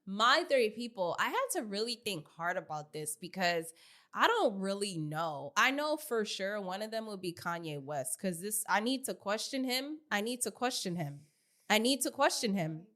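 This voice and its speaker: A woman's voice: medium pitch, lively intonation, moderate pace, a bit bright. A young woman co-hosting a podcast in casual chat, giggly and emphatic, repeating herself to make a point. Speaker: podcast co-host.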